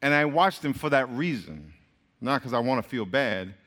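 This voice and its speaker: A man preaching a sermon to a crowd in a lively, joking way, speaking straight to them. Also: mid-range voice, moderate pace. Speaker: pastor. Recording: long hall reverb.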